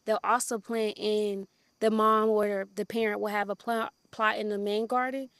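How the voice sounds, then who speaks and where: A woman's voice: mid-range voice, moderate pace, no room sound. A woman who helps at a community garden, chatting casually in an interview and often saying "like" and "um". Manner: relaxed, many fillers like "like" and "um".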